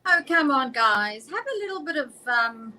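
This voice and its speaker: Lively high-voiced teasing woman. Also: moderate pace, heavy background noise. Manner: playful, teasing, animated. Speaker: panelist. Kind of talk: casual panel chat.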